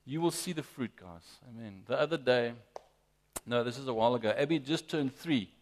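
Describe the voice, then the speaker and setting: A man preaching a sermon as pastor, emphatic and lively, often addressing the congregation directly. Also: mid-range voice, brisk. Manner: lively, emphatic preaching with frequent "guys" and "amen".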